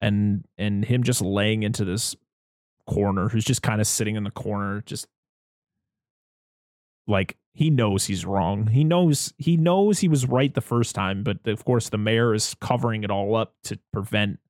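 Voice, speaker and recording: A man's voice: lowish voice, a little slow, a little mellow, no room sound, studio quality. A man casually recapping a film on a podcast, rambling and stopping himself, laughing often and acting out quotes. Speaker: podcast co-host.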